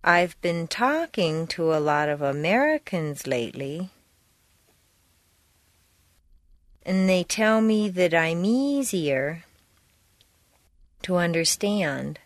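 A woman reading pronunciation drills slowly, drawing out and linking her words for learners to repeat. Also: on the low side, animated, no room sound. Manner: drawn-out, deliberately linked words. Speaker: pronunciation instructor. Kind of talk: slow, exaggerated drill reading.

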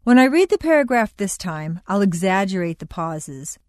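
A woman narrating a scripted audio lesson on speech, as the instructor, with clear and measured delivery. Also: medium pitch, very animated, no echo. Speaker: accent training instructor.

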